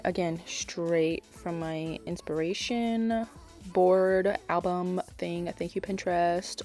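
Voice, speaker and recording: A woman's voice: lowish voice, fairly even intonation, slow, darkish tone, faint music behind. A young woman chatting casually as a nail art vlogger, rambling with lots of fillers and self-corrections. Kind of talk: casual voice-over chat.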